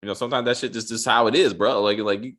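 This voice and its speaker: A man's voice: lowish voice, fairly even intonation, racing, fairly bright tone. A man co-hosting a casual chat, swearing freely and often repeating his words as he goes. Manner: loose and profane, stammers and repeats words. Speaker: podcast co-host.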